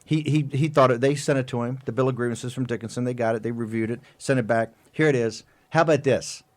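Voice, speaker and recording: A man's voice: medium pitch, dry recording. Fiery male talk radio host. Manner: emphatic, rapid-fire rhetorical questions.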